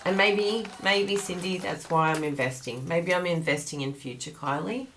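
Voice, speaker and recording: A woman with a low voice chats casually to her livestream audience as host of a craft class. She rambles and laughs often, and her voice sounds groggy from the morning. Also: moderate pace, a bit bright, a little hiss or hum.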